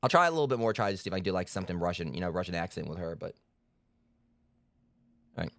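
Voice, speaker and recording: A man's voice: deep voice, animated, fast talker, pauses often, fairly bright tone, no room sound. A man giving rambling, self-deprecating let's-play commentary as a game streamer, full of fillers and restarts.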